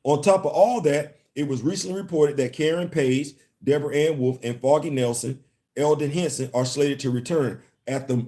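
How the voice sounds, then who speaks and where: A man's voice: fairly high pitch, moderate pace. A man hosting a casual live commentary stream on comics, repeating words and stopping to greet viewers. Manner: animated, repeats words, laughs and chats with viewers. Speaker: commentary channel host.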